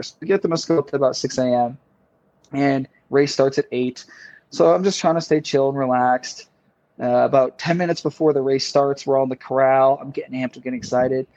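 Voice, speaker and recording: A man's voice: medium pitch, a little mellow, dry recording. A man as a podcast guest, telling a long story in a casual, rambling way with many fillers and repeated words. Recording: slightly dull lo-fi sound.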